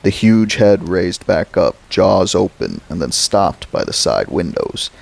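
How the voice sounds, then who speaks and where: A man reading a thriller novel aloud as a narrator, slow and dramatic. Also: sits low, very animated, gravelly, poor audio. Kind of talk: audiobook narration.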